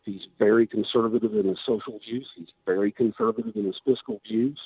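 A gubernatorial candidate with a fairly low, husky voice speaks briskly in a radio interview, losing his voice as he emphatically makes his case. He restarts often while persuading, and the dry recording sounds like a tinny phone line.

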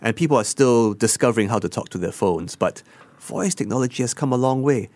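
A man, a tech gadget reviewer chatting casually on radio, animated and jokey. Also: medium pitch, a little fast, no echo. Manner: animated, jokey, puts on voices.

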